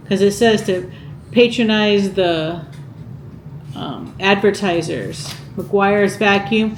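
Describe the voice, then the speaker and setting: A woman's voice: mid-range voice, expressive, slow pace, roomy sound, a little hiss or hum, rough recording. A woman vlogging casually, reading out items from a vintage cookbook and musing aloud with questions to her viewers. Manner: chatty, muses aloud and asks viewers questions. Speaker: cooking vlogger.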